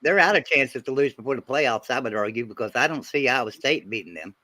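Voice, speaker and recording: A man's voice: mid-range voice, lively intonation, fast talker, pushed and bright, no echo. A man hosting a casual college football talk show, reading viewer super chats and asking questions. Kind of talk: casual sports chat.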